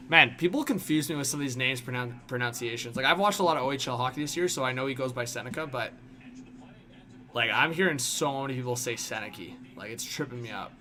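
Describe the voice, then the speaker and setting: A young man runs a casual hockey stream, fielding chat questions in filler-heavy, rambling speech that keeps returning to "like." He talks fast at a medium pitch, his tone bright and forceful.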